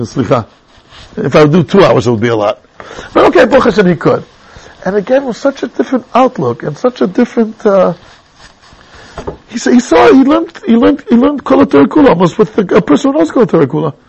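A middle-aged man teaching a Torah class, telling personal stories with sudden high exclamations. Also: vocal fry, breathy edge, low-quality recording.

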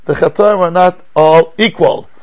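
An older man teaching a class as a rabbi, lecturing in an animated way and asking rhetorical questions. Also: a little high, unhurried, highs cut off.

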